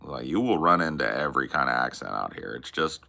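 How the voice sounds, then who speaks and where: A man's voice: very deep voice, lively intonation, fairly quick, creaky, sharp tone. A Californian man co-hosting a podcast, chatting loosely and rambling with lots of fillers. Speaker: podcast co-host. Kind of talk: casual chat.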